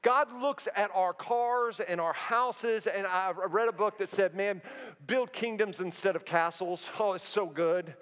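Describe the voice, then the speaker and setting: A man in his thirties with a notably high voice preaches to his congregation, mixing jokes and personal stories into the sermon. His relaxed, chatty delivery rings out in a big church hall with a long, trailing reverb. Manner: humorous, conversational storytelling with quick asides. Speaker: pastor. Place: church auditorium.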